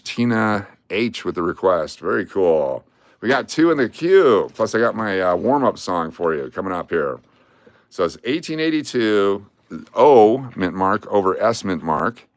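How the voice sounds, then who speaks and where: A man with a low, deep voice hosts a casual livestream and talks in a loose, rambling way. He reads out viewer names and song requests. The sound is dry and close, with no room echo. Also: animated, normal speed. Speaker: livestream host.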